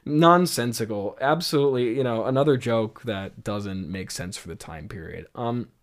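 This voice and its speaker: A man with a mid-range voice, speaking at a moderate pace, hosts a comedy show. He reads his own old script and mocks it, sounding incredulous, laughing, and stammering through restarts.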